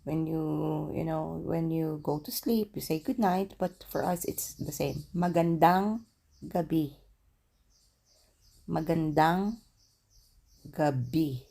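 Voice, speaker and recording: A woman with a Filipino accent giving a casual language lesson, slowly repeating words for practice. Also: sits low, fairly even intonation, creaky, warm tone. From Philippines. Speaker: language teacher.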